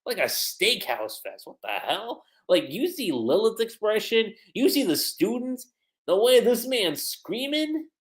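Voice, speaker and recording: Slow, animated man reviewing manga. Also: high-pitched, echoey room. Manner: animated, chatty, frequent laughter and fillers. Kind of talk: casual livestream commentary.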